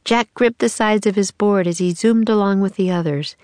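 A woman reading a children's chapter book aloud in a clear, measured storytelling voice. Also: mid-range voice, a little mellow, no echo. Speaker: audiobook narrator.

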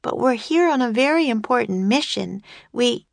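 A woman's voice: on the high side, normal speed, creaky, no echo, pitched above the performer's own voice. A woman doing an eager, chatty little girl. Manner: bright, excitable, bold.

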